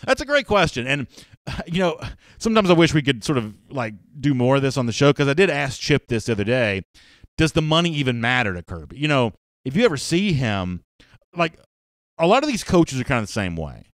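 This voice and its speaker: A man's voice: medium pitch, very animated, fairly quick, no echo, studio quality. A man hosting a live sports talk show, chatting casually and reading viewer comments, rambling with restarts and fillers.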